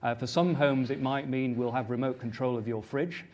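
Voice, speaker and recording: A man speaking as an academic panelist at a conference, giving measured and articulate explanations. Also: mid-range voice, fairly even intonation, darkish tone. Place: conference stage. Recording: dull, lo-fi recording with faint noise.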